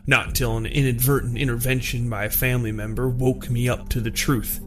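A man voicing an adult male killer, reading out his confession in a slow, flat, measured way. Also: medium pitch, lightly acted. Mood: cold, detached. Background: music.

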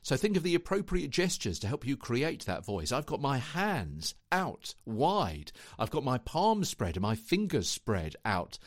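A man's voice: mid-range voice, sing-song, a little slow, dry recording, studio quality. A man hosting a solo podcast, teaching voiceover in a conversational way, often checking in with the listener and repeating words as he restarts. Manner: conversational, asks the listener frequent "yeah?" checks. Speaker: podcast host and voiceover coach.

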